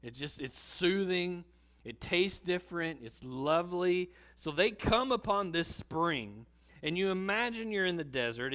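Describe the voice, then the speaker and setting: A middle-aged man preaching a sermon in a church, telling vivid stories and dropping his voice low and quiet to drive points home. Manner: storytelling, vivid and animated, drops low and quiet for emphasis. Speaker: pastor. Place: church sanctuary.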